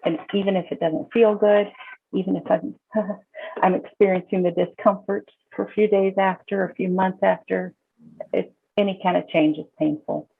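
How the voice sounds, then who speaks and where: Her voice is medium in pitch, creaky with a breathy edge, fairly even in intonation, and moderately paced. A woman counselor guesting on a podcast, she gives casual, emphatic advice, repeating words as thoughts begin, over tinny phone-like audio.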